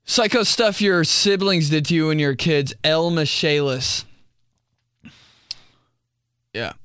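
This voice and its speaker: A man's voice: fairly high pitch, takes it slowly, a bit bright, clear, resonant tone, no echo, clean studio sound. A young man casually hosting a solo podcast, joking loosely in slang and laughing between stories. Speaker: podcast host.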